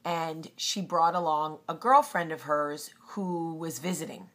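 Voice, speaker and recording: A woman's voice: low voice, measured pace, fairly bright tone. A woman hosting a casual storytelling vlog, chatty with frequent ums. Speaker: host.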